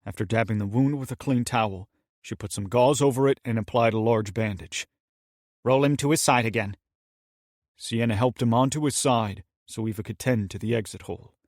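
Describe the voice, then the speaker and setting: Male audiobook narrator, measured and steady, recorded dry and close. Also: on the low side, dry recording. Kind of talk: scripted narration.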